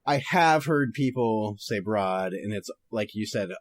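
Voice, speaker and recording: A man's voice: fairly low pitch, animated, measured pace, no room sound, clean studio sound. A young man hosting a podcast, chatting casually and reading a story aloud, laughing often and swearing freely.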